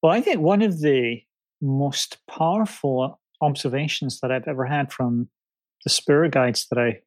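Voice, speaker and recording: Man as a chatty interview guest, gravelly tone, dry close sound, tells animated anecdotes. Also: mid-range voice, no room sound. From Scotland. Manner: animated storyteller, acts out clients' reactions. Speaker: guest, past-life reader. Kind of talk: casual interview chat.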